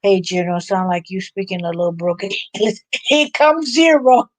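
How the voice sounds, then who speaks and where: A woman's voice: medium pitch, lively intonation, dry recording. Laid-back woman hosting a live chat. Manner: chatty, laughs often, loose and unhurried. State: a little drained. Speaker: livestream host. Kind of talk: casual live chat with viewers.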